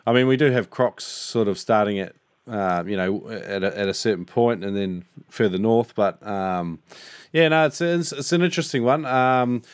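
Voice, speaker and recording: A man's voice: on the low side, moderate pace, clear, resonant tone, no room sound. A man hosting a podcast, relaxing into casual chat and asking questions. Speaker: podcast host.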